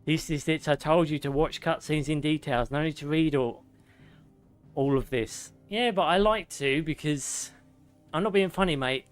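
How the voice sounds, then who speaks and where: A young man streaming a game, reading lore slowly and drawn-out, with joking banter in between. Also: a little high. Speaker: gaming streamer.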